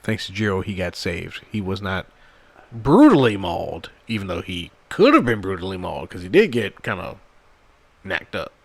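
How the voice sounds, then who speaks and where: A man co-hosting a podcast, recapping a film in casual, slangy, profane chat, often cutting in with quick remarks. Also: sits low, sing-song, gravelly, breathy edge. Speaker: podcast co-host.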